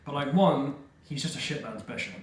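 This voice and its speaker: A man's voice: medium pitch, expressive, fairly quick. A man co-hosting a casual podcast, laughing often, swearing and slipping into silly voices as he talks. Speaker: podcast co-host. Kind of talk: casual chat. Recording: echoey room with faint noise.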